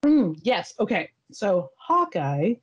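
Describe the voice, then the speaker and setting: A woman in her thirties hosting a podcast, chatting in a rambling, giggly, halting way. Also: mid-range voice, sing-song, slightly rough, poor audio. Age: 30s. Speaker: podcast host. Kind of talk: casual chat.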